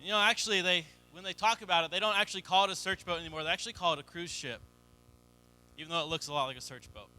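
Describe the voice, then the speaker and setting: A young adult male pastor preaches a sermon by telling a story and acting out the quoted voices in it. His voice is high-pitched, racing, pushed, and bright.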